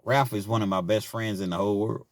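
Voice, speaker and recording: A middle-aged man casually telling a personal story, laughing often and swinging between loud bursts and quiet asides. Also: lowish voice, steady tone, quick pace, no room sound, clean studio sound. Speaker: storyteller vlogger.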